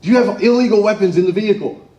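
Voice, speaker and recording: A man's voice: high voice, rapid-fire, mellow, pitched above the performer's own voice, natural voice. A man putting on a stern barking cop. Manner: barking orders. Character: stern, exasperated male police officer. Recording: echoey room, far from mic.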